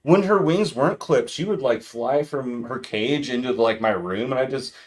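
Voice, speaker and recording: A man's voice: medium pitch, moderate pace. A man telling stories in casual chat. He rambles and laughs often. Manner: rambling, laughs often, imitates his parrot.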